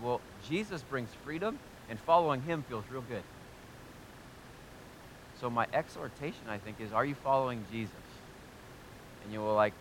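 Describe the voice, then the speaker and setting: A man preaching a sermon to a live congregation, energetic and joking, asking them questions directly. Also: medium pitch, a little fast, slight background noise. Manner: energetic, joking and talking straight to the audience. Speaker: pastor.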